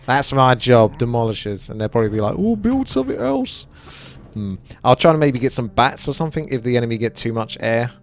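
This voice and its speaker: A man's voice: medium pitch, steady tone, fast talker, hardly any pauses. A man giving casual, chatty gameplay commentary while he plays, joking at himself and reading viewer comments aloud.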